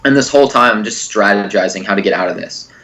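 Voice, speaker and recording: Young male podcast co-host, bright forceful voice, rambling and crude casual storytelling. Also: fairly low pitch, fast talker.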